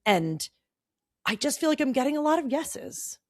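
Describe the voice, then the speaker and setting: A woman who runs a business, chatting casually with friends, animated and emphatic, repeating herself for stress. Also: high voice, normal speed, dry recording, clean studio sound. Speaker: business owner, podcast co-host. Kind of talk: casual chat among friends.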